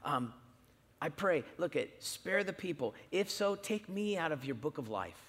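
A preacher voicing a pleading Moses. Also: male voice, fairly high pitch, very animated, moderate pace, fairly bright tone, slightly rough, long reverb tail, heavily acted. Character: Moses, older male leader, pleading.

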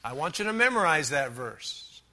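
A man preaching a sermon as a pastor, listing numbered points with emphasis, slowing on key words and dropping in dry asides. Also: on the high side, sing-song, sharp tone.

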